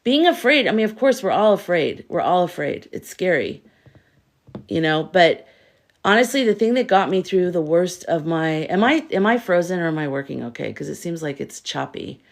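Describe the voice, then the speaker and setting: Animated woman hosting a live stream. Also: on the low side, moderate pace, vocal fry. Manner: animated, rhetorical questions, reads viewer comments aloud. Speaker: tarot reader and livestream host. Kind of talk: casual live-stream chat.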